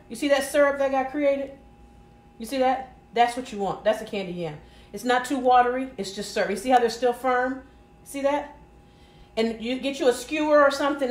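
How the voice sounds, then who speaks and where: A woman with a Southern American accent hosting a live cooking stream, folksy and chatty, talking straight to her viewers and reading their comments aloud. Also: sits high. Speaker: cooking show host. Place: home kitchen. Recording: roomy kitchen audio, mic set some distance away.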